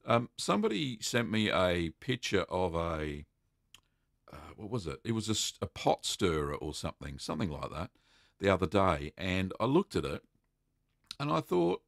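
A middle-aged Australian man hosting a casual livestream, chatty and relaxed with many ums and uhs. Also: deep voice, normal speed, creaky, no echo, clean studio sound. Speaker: livestream host answering cheese-making questions.

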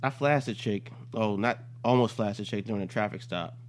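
A man's voice: fairly low pitch, fairly quick, a little hiss or hum. A man telling a comic, profane story on a casual podcast. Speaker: storyteller guest.

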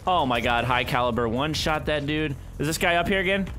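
Excitable young man narrating his gameplay. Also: fairly high pitch, brisk. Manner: excitable, swings from muttering to frustrated yelling. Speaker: gaming YouTuber. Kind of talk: live gameplay commentary. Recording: gameplay sound and background music under voice. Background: game gunfire and instrumental music.

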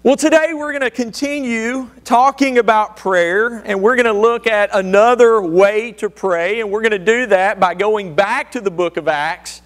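A man's voice: sits high, normal speed, few pauses, fairly bright tone. A man preaching a sermon, telling a folksy joke story and calling out questions to the congregation. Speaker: pastor.

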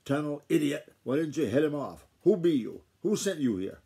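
A man voicing a hot-tempered little old bearded farmer grandfather who shouts in a high-pitched voice. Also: big pitch swings, moderate pace, breathy edge. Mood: angry shouting.

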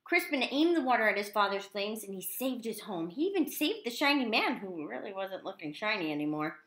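A woman reading a children's picture book aloud in an animated, expressive way. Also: mid-range voice, a little fast. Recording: echoey room.

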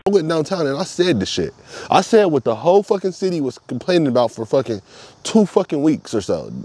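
A man's voice: fairly high pitch, very animated, a little fast, mellow, slightly rough, no echo. Profane, emphatic man vlogging. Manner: profane, emphatic, repeats himself. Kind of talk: casual monologue.

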